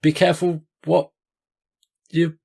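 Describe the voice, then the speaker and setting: A man's voice: a little high, level tone, slow pace, creaky, a little mellow. A man co-hosting a podcast, prompting stories in an easygoing, hesitant way. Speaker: podcast co-host. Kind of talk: casual chat.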